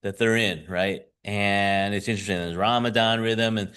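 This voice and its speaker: A man's voice: on the low side, steady tone, moderate pace, fairly bright tone, clean tone. A man who teaches school, preaching a conversational sermon with frequent chuckles and "right?" asides.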